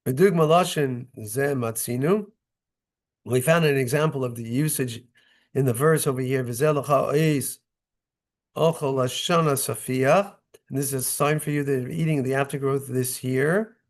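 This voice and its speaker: A man's voice: medium pitch, moderate pace. A man leads a Torah study class as its rabbi. He reads a verse phrase by phrase and explains each one in a conversational, step-by-step way, often checking in with his listeners. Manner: reads short Hebrew phrases, then explains in English; conversational, checks in with "right?" and "okay?". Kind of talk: Torah study lesson, reading verses and translating.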